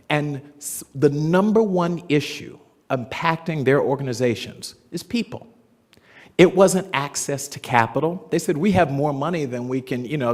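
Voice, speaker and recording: A male presenter speaking at a conference in a casual, conversational way. He tells personal stories with self-deprecating humor and keeps the tone loose and friendly, like a dialogue with the audience. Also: on the high side. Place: conference hall stage.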